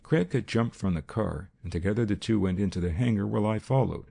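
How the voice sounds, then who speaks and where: A man narrating a detective story as an audiobook, in a steady, measured first-person reading. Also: on the low side, gravelly, husky.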